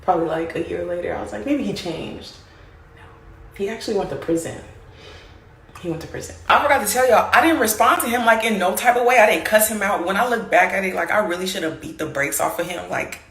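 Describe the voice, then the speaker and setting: A woman casually telling a story to her viewers, animated and speaking to them as y'all. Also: mid-range voice, quick pace, slight background noise. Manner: animated, addresses listeners as y'all. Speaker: storyteller in a played clip. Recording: roomy echo.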